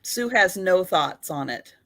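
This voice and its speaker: Her lowish voice carries lively intonation as she takes things slowly. She is the host of a live online photo sale, talking in a chatty, giggly way and laughing between comments.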